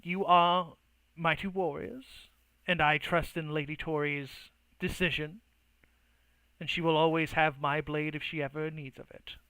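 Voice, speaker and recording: A man voicing a stern, loyal female warrior who speaks quietly and earnestly. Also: fairly high pitch, steady tone, measured pace, smooth, no room sound, rough recording. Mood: grudging.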